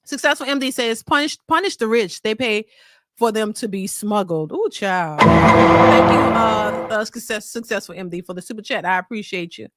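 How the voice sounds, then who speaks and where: A woman's voice: mid-range voice, moderate pace, a bit bright. A woman hosting a reaction stream, giving casual commentary on a clip and bluntly firing rhetorical questions at its guest. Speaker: reaction channel host.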